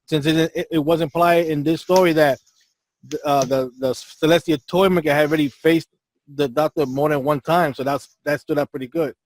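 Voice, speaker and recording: Higher-pitched man, dry sound, halting and tripping over his words. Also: steady tone, no room sound, rough recording. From New York City. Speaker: podcast panelist. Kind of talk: casual review chat.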